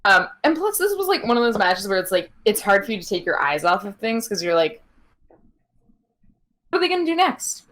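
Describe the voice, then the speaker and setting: A woman's voice: mid-range voice, animated, fast, few pauses, a bit bright. Giggly young woman recapping wrestling. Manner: chatty, giggly, many fillers. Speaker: podcast co-host. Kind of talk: casual wrestling recap chat.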